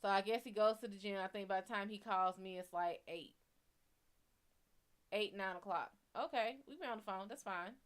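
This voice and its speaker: A woman with a medium-pitched voice speaks at normal speed. A psychic reader who hosts a show, she tells a story casually but bluntly, with heated, profane language.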